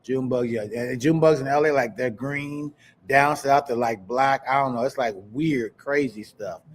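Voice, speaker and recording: Chatty animated male podcast host. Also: mid-range voice, normal speed, a little hiss or hum. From Kansas. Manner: animated storyteller, chatty, addresses viewers directly. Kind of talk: casual live-stream chat.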